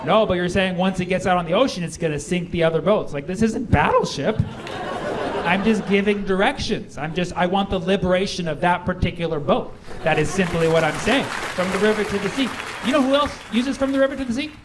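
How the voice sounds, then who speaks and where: A man with a voice that sits high does a playful, ironic stand-up set on a comedy club stage, dropping quick asides and performing quotes in other voices. The live recording carries background noise and laughter from the audience.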